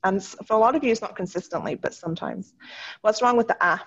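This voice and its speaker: A woman runs an online French class, upbeat and encouraging, and slows down to sound out each French word. Her voice sits at a middle pitch and comes through slightly dull video-call audio. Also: fairly bright tone, slight background noise. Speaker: French teacher. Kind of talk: online class, correcting student writing.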